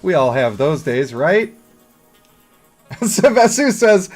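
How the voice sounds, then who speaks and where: Male streamer, casual game commentary, crude jokes and frequent laughs, slightly high voice, faint music under. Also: very animated, takes it slowly. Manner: jokey, crude, laughs often.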